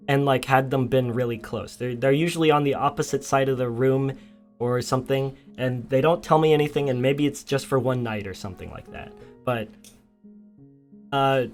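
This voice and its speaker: A young man talks casually on a livestream, breaking into laughter as he tells stories and answers his chat. His voice sits at a middle pitch. Faint music plays behind him. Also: a bit bright. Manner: laughing storyteller, reacts to chat. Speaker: streamer.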